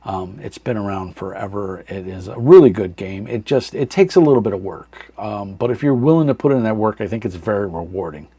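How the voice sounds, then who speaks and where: Man, husky rough voice, casual rambling live-chat host, lots of fillers, dry close sound. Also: on the low side, expressive, fairly quick, few pauses, warm tone, dry recording. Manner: rambling, many fillers, reads chat aloud. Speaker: livestream host. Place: dark room at home.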